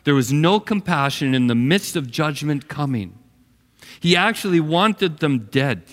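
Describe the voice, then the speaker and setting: A man's voice: fairly high pitch, expressive, unhurried. A man preaching a sermon as pastor, telling the story expressively and acting out its characters. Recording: long hall reverb.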